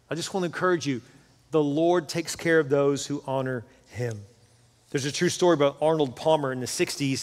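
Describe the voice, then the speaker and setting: A male pastor preaches with fervent conviction and doubles back on words for emphasis. His voice sits a touch high and carries long reverb through a large church auditorium. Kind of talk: sermon.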